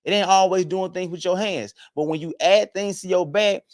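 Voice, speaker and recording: A young man speaks straight to his viewers in an emphatic, preachy monologue, often stumbling over repeated words as he builds each point. His voice sits a bit higher than most men's. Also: normal speed. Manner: emphatic, preachy, addresses viewers as fellas and fam. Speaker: online commentator. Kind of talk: direct-to-camera opinion monologue.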